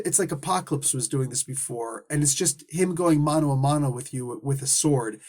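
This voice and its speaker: A man giving a casual, rambling comic book review, full of restarts, asides and quick put-on voices for the characters. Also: medium pitch, darkish tone. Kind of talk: casual solo review monologue.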